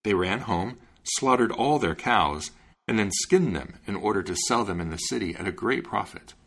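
A man reading a fairy tale aloud, lively and expressive, acting out the voices. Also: lowish voice, normal speed, gravelly, slightly rough. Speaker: storyteller.

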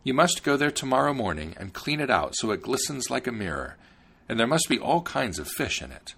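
A man's voice: medium pitch, very animated, a little fast, vocal fry, fairly bright tone, husky, pitched above the performer's own voice, exaggerated voice. A man voicing a demanding fairy-tale king who sets the prince impossible tasks. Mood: stern. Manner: stern, commanding.

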